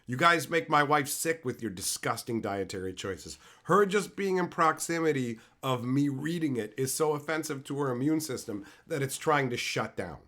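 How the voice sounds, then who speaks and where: A young man from Canada, a streamer reading his live chat and ranting in loud, profane, mock-outraged bursts. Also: medium pitch, lively intonation, moderate pace, hardly any pauses. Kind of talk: casual rant to live chat.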